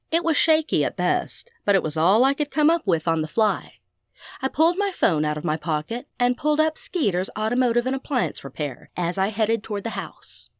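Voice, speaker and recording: A woman's voice: mid-range voice, no echo, clean studio sound. Woman narrating an audiobook. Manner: folksy Southern idioms. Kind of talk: first-person audiobook narration.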